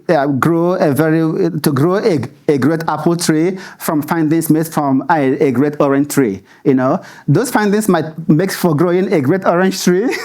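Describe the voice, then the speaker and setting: A man's voice: on the high side, darkish tone. A man speaks at a public lecture. He answers questions thoughtfully and often restarts a word. He laughs easily between points. He is in a hall under stage lights. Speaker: researcher answering audience questions.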